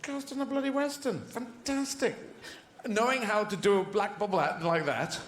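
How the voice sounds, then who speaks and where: A man's voice: sits high, normal speed. A man doing rambling, playful stand-up comedy full of sound effects, on a roomy stage.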